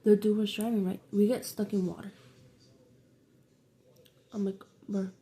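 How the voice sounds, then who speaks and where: Gravelly, dark-voiced young New woman. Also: medium pitch, level tone, a little slow, a little hiss or hum. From New York City. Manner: rambling, slangy, profane storytelling. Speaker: vlogger. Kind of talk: casual storytime vlog.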